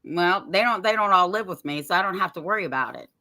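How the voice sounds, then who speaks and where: A woman's voice: lowish voice, lively intonation, fast talker, pushed and bright. A middle-aged woman co-hosting a podcast, talking bluntly and profanely in casual chat and laughing often. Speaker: podcast co-host.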